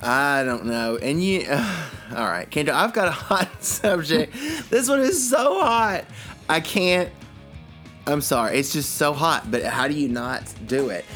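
A man co-hosting a radio show, trading animated, jokey banter. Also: medium pitch, moderate pace, hardly any pauses, soft background music.

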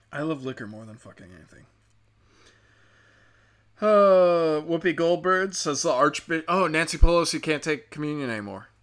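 A man's voice: mid-range voice, fairly bright tone. A man hosting a show, ranting in profane, sarcastic commentary and mocking the people he talks about.

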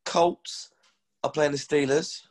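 A man's voice: a little high, steady tone, takes it slowly. Man, blunt podcast co-host. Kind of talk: casual sports podcast chat.

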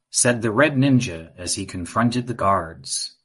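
A man narrating a children's adventure story in an even, measured reading. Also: on the low side, husky.

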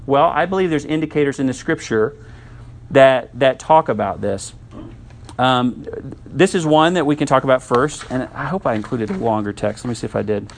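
A man preaching a sermon in a conversational teaching style, often checking in with the listeners with quick asides. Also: mid-range voice, slight background noise. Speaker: pastor.

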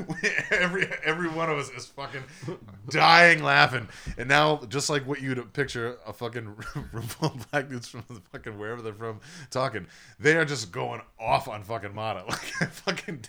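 A man's voice: mid-range voice, normal speed, bright, forceful tone, a little hiss or hum. A young man hosting a casual podcast, telling a long, profane story with lots of laughing. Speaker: podcast host.

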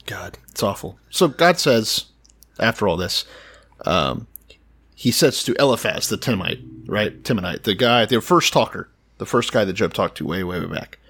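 A man's voice: on the low side, expressive, normal speed, fairly bright tone, husky. A man casually and irreverently reading verses aloud and joking about them with a co-host. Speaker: podcast co-host. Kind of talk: casual profane chat reading scripture.

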